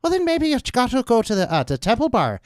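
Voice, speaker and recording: A man's voice: extremely high pitch, huge pitch swings, quick pace, slight background noise, voice pushed up, full character voice. A man voicing a chatty male hotel concierge, with a put-on Irish accent and a lilting, direction-giving manner. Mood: cheerful.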